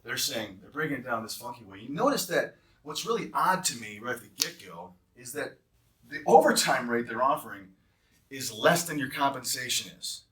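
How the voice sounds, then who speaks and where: Heated and emphatic, a recruiter for travel nurses rants while walking them through a job offer and its hourly pay. His mid-range voice sounds very animated, pushed, and bright at a normal speed, with roomy echo from a distant mic.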